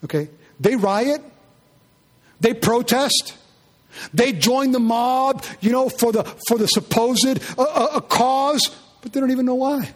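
A pastor preaching a sermon, animated and firing rhetorical questions at his congregation. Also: extremely high pitch, measured pace.

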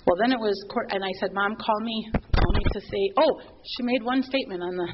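A middle-aged woman telling a group an emotional personal story, animated and heartfelt, often restarting her sentences. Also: mid-range voice, fairly quick. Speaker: speaker sharing a personal testimony with a group. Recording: dull lo-fi recording with faint room noise.

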